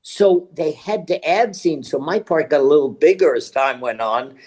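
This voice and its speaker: A man's voice: a little high, normal speed, darkish tone, breathy edge. Older man spinning showbiz anecdotes. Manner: chatty storyteller, acts out quoted voices. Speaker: guest, actor. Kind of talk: casual anecdote telling.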